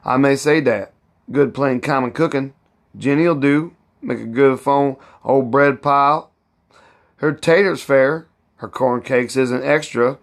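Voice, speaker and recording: A man's voice: mid-range voice, slow pace. A man reading aloud and voicing a proud, fussy older woman cook who scolds and boasts in heavy old Southern dialect. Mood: boastful.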